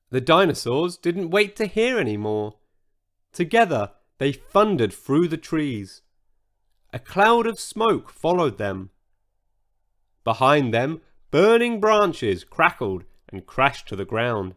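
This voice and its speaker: A man reading a children's story aloud in an animated, expressive storytelling manner. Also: medium pitch, slow pace.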